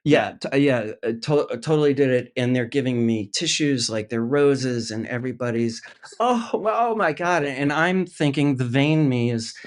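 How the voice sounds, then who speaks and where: Middle-aged man, animated storyteller, mid-pitched voice, restarts and acted-out voices. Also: moderate pace, few pauses. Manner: lively anecdote teller, acts out quoted voices, many restarts. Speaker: actor guest.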